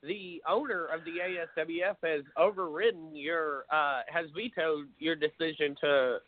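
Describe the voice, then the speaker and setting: A man's voice: a little high, steady tone, a little slow, slight background noise. Male host questioning over a phone line. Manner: probing, hesitant questions. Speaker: show host. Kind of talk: podcast interview. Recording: tinny phone line, dry.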